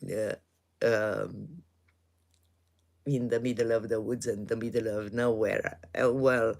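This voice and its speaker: A woman's voice: rumbling low, fairly even intonation, gravelly, darkish tone. A woman in her sixties from Romania with a Romanian accent, chatting casually and hesitantly on a live stream from her home. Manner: hesitant, many pauses and fillers, chuckles often. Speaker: livestream host. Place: home in the woods.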